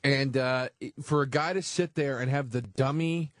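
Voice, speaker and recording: A man's voice: medium pitch, normal speed, no room sound. A man who is a comedian guest on a radio show, telling stories with enthusiasm and laughing easily. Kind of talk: casual radio chat.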